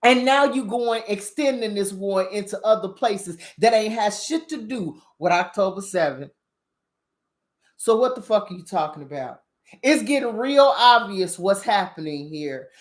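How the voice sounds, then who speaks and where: A woman's voice: medium pitch, lively intonation, unhurried. A woman giving a heated, profanity-laced rant on current events, combative and emphatic as she talks straight to her viewers. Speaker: spiritual commentator on current events.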